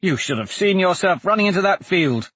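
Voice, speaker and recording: Narrator doing brash young fighter, high and loud, rushing his words, in an audiobook. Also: breathy edge, no room sound, full character voice. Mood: excited. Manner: loud, excited, fast. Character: boisterous young male swordsman, exuberant.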